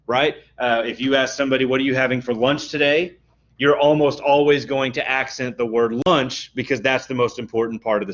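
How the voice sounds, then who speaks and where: A man teaching a college music class, explaining terms step by step and often checking with "okay?". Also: mid-range voice. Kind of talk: classroom lecture. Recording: dull lo-fi lecture recording.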